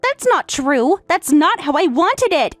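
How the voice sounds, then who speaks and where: Woman doing a demanding young daughter, high pitched, shrill, lively swings, soft music behind. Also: unhurried, no room sound, exaggerated voice. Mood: indignant.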